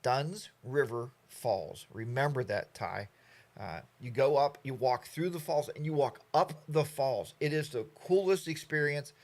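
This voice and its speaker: A middle-aged man from the United States hosting a casual live stream, rambling and chatty as he reads out viewer comments. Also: medium pitch.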